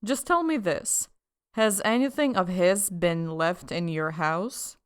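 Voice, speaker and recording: A woman voicing a scheming, two-faced male official who talks in a sly, half-mocking and forceful way, in an audiobook. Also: fairly low pitch, measured pace, clear, resonant tone. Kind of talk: audiobook character voice.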